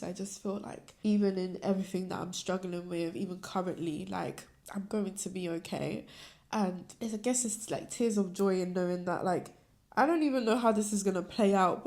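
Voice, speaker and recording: A woman's voice: mid-range voice, a little mellow. A young woman hosting a casual solo podcast, talking candidly and rambling, with many filler words. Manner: candid, rambling, says "like" often. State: tearful, crying at times. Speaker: podcast host.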